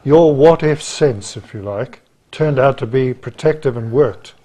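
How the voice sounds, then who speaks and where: A man's voice: mid-range voice, unhurried, dark tone. A man interviewing a guest, prompting him with brief questions.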